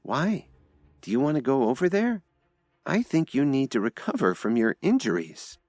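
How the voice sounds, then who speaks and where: A man's voice: medium pitch, big pitch swings, moderate pace, a little mellow, dry recording, clean studio sound, voice pushed up, lightly acted. Man voicing a worried young woman. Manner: pleading, anxious.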